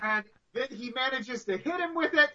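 A bright, sharp-toned man talks wrestling with a co-host. He sounds husky and a little breathy, and his low-fidelity mic dulls the sound. He is animated and gets loud when he gets carried away. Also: moderate pace, lo-fi sound. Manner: animated, shouts when retelling his reactions. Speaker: podcast co-host. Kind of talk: excited casual wrestling chat.

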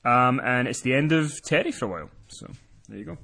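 A man's voice: medium pitch, expressive, a little fast, creaky, pushed and bright. Chatty man hosting a podcast recap. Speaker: podcast host. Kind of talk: casual chat.

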